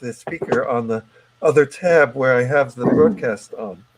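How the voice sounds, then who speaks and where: A man's voice: medium pitch, a little slow, noisy background. A man hosting a video call, hesitantly testing microphones and the broadcast with his team. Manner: hesitant, many restarts and fillers. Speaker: host running the broadcast. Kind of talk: casual video-call tech check.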